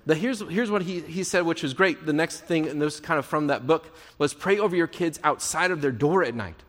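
A man with a slightly raised pitch gives a sermon as a pastor, talking in a conversational, encouraging way and acting out short sample prayers. His voice carries a long reverb, as if recorded in a church sanctuary. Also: fairly quick, a bit bright.

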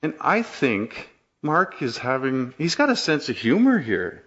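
A man's voice: mid-range voice, unhurried, muffled recording. A man preaching a sermon, telling stories and asking rhetorical questions. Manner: storytelling, animated, rhetorical questions.

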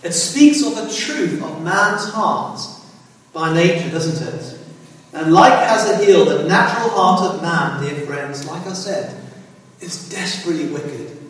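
A man preaching a sermon in a church, earnestly appealing to his listeners with repeated tag questions. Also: on the high side. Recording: echoey hall from far off.

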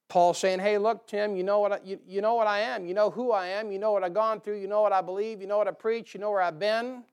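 A man's voice: high voice, creaky, clear, resonant tone. A man preaching a sermon to a church, folksy and joking, rising to emphatic bursts. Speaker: pastor. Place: church sanctuary.

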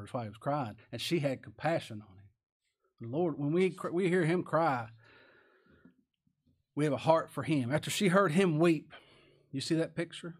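Male preacher, folksy sermon, higher pitched voice, raised emphatic cries. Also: breathy edge.

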